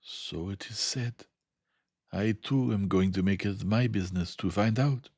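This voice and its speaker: A man's voice: lowish voice, a little mellow, no echo, studio quality, voice pushed up. Hercule Poirot, a man voicing an emphatic, fussy detective. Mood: insistent. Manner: emphatic and deliberate. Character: fussy, formal older male detective.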